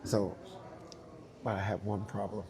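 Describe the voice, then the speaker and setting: A man's voice: on the low side, level tone, measured pace, a crowd in the background. A man who is a dancer tells an anecdote and acts out the dialogue, laughing often. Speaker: dancer guest. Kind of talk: storytelling anecdote.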